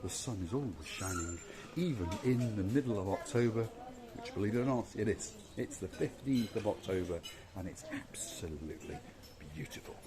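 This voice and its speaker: A man's voice: fairly low pitch, expressive, moderate pace, a crowd in the background. Chatty man giving a hotel tour. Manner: chatty, playful, theatrical. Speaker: vlog host. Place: outdoors and indoors at a hotel.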